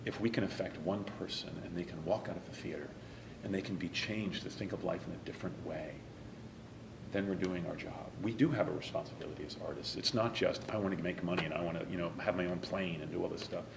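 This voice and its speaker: A low-voiced man talks about his stage work with earnest, open feeling, sometimes dropping almost to a whisper. The room is echoey, with steady noise behind him. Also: fast, vocal fry. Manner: earnest and emotional, some lines softly whispered. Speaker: interview guest, stage actor. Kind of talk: reflective interview talk.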